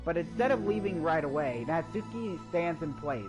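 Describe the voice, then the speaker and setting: A woman's voice: deep voice, expressive, normal speed, music in the background, poor audio. A woman hosting a let's play, reading a visual novel aloud with chatty asides.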